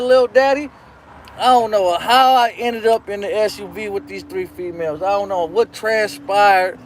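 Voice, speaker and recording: A man with a strikingly high voice hosts a live show and spins a long, crude anecdote in loose slang. He circles back on himself constantly and keeps asking "you know what I'm saying". A faint hiss of noise sits under his voice. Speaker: host. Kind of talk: live-stream storytelling.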